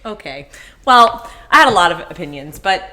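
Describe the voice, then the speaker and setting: A woman with a fairly low but bright, forceful voice, co-hosting a casual podcast. She talks earnestly, with a dry sarcastic streak. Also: big pitch swings, moderate pace. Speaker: podcast co-host. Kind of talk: casual chat.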